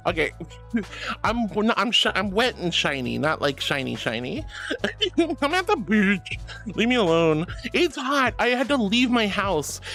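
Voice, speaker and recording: A woman's voice: mid-range voice, fairly bright tone. A woman streamer chatting casually with viewers in a bubbly, giggly, affectionate way. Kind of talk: casual livestream chat.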